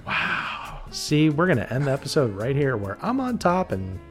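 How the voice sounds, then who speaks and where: A man's voice: mid-range voice, huge pitch swings, normal speed, faint music behind. A man co-hosting a horror podcast who teases his co-host, swears freely and laughs often. He grew up in Pennsylvania. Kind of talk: casual banter.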